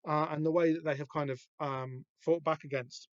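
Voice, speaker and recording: A man hosting a podcast, talking through a comic book in a rambling, halting way with lots of fillers and restarts. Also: on the high side, fairly even intonation, dry recording. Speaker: podcast host. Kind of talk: casual comic book discussion. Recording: dull, dry lo-fi podcast recording.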